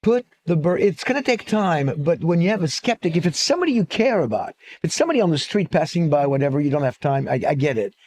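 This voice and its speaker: Male conference speaker at a stand mic, fairly high-pitched, animated and joking. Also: fast talker, hardly any pauses. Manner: animated storyteller, jokes, frequent fillers. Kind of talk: lecture-style sermon. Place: church auditorium. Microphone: stand-mounted microphone.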